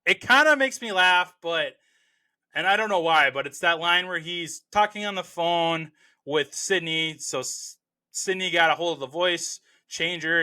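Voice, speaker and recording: Male film review host, fairly high voice, bright and forceful tone, rambling casual chat, full of fillers. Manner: rambling and enthusiastic, heavy on "you know" and restarts.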